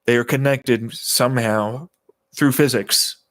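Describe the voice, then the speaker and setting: A man's voice: mid-range voice, steady tone, slow pace, fairly bright tone, no room sound. A man venting in a rambling, agitated personal monologue, swearing often and circling back over the same points. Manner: agitated, profane, repeating himself. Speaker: vlogger.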